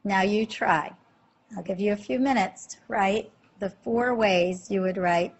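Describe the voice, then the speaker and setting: Woman, teacher, breathy voice, slide lesson, patient step-by-step explanations, quizzing questions. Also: mid-range voice, unhurried, muffled recording. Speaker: French teacher. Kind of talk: slide-based language lesson.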